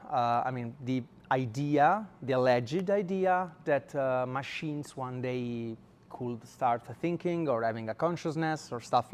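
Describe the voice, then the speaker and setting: A man from Italy with an Italian accent, giving a university lecture and speaking hesitantly with many filler sounds. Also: medium pitch. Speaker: guest lecturer. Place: lecture room.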